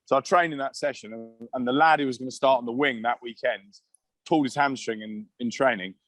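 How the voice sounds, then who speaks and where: A man's voice: mid-range voice, a little fast, fairly bright tone. A man and former rugby player, a podcast guest telling casual stories, swearing freely and laughing as he goes. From England. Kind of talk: casual anecdotal storytelling.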